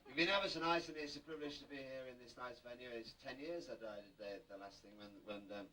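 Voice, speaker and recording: A man's voice: medium pitch, fast talker. A middle-aged man with a Yorkshire accent doing stand-up at a party, telling jokes in a chatty way and chuckling at his own punchlines. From Yorkshire, England. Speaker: stand-up comedian. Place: hotel function room. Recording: distant mic, noisy room. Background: crowd laughter and room noise.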